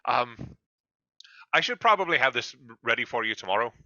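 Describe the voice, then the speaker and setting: A man voicing a gruff, busy male blacksmith shopkeeper who talks in short, distracted replies. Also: medium pitch, big pitch swings, brisk, sharp tone, no room sound, dull audio, exaggerated voice. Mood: curt.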